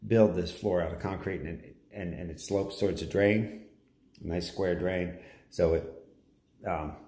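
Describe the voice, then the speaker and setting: A man's voice: low voice, darkish tone. A middle-aged man, a home builder, giving a folksy, enthusiastic walkthrough tour of a house and pointing things out as he goes. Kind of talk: casual walkthrough narration.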